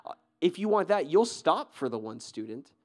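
A man preaching a sermon as pastor, energetic and conversational, often asking the crowd questions and restarting his sentences. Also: on the high side, normal speed. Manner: fillers and repeated restarts.

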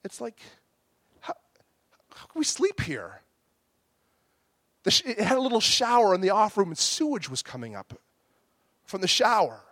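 A man preaches in a fairly high voice, recorded close and dry with no room around him. He tells a story from his life, acting out his own angry outbursts and the softer replies. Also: huge pitch swings, moderate pace, long pauses, dry recording. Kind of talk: storytelling sermon.

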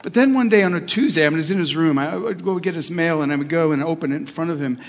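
Middle-aged male pastor, slightly high voice, earnest sermon storytelling, long hall reverb. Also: quick pace. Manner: earnest storytelling with hesitations and restarts.

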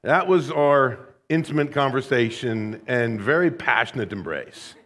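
A man's voice: mid-range voice, lively intonation, a little slow, fairly bright tone. An American man from the Chicago area preaching a sermon, telling stories in a conversational, wry, humorous way. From Rockford, Illinois, USA. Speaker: pastor. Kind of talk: sermon with personal storytelling.

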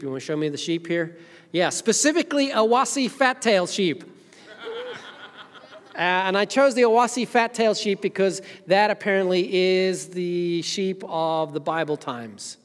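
A woman from Zimbabwe preaching a casual, chatty sermon as senior minister, with joking asides to the congregation. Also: sits low. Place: church sanctuary. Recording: long hall reverb.

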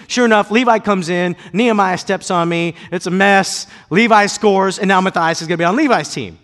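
A man in his thirties preaches on a stage mic, acting out the scenes he tells and climbing high and loud in the exciting moments. His voice sits a little high for a man. A long reverb from the large hall trails behind every word. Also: quick pace. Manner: animated storyteller, acts out voices, loud and high when excited. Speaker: pastor. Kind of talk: sermon with personal stories.

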